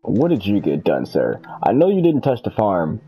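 Low husky man chatting over gameplay. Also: moderate pace, muffled recording. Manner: rambling, self-correcting, lively banter. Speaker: gaming channel host. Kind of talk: casual gameplay chat.

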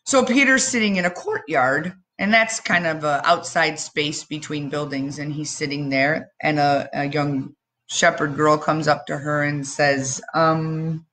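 A woman giving a children's message in church, telling the story expressively with dramatic pauses and questions to the kids. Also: low-pitched, fairly even intonation, fairly bright tone, slight background noise.

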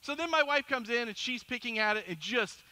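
A middle-aged man preaching a sermon as pastor, telling a story in an animated, self-deprecating way. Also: very high-pitched, brisk, clean tone.

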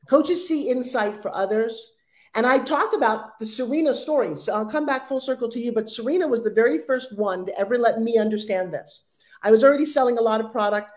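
A woman in her sixties talks with a guest's animated energy, slipping into little quoted voices as she tells her stories. Her voice sits somewhat high for a woman. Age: 60s. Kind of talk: energetic interview talk.

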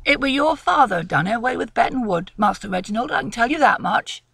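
A woman voicing a gruff, proud old country woodman near eighty, grumbling in rural dialect. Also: a little high, lively intonation, a little fast, a bit bright, no room sound, exaggerated voice.

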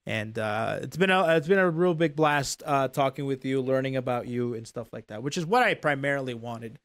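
A man's voice: mid-range voice, animated, brisk, a bit bright, dry recording. A young man hosting a casual streamed talk show, laughing often and repeating his words.

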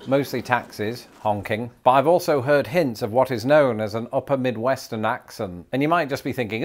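A man's voice: mid-range voice, a little fast, few pauses. An English man talking to camera in a comedic vlog, with dry, self-deprecating humor. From England. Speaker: YouTuber.

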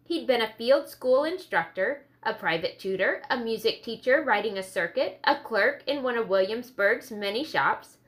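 A woman reads a historical novel aloud as an audiobook narrator. Her voice is bright and sits a little high, and she keeps a clear, steady storytelling pace.

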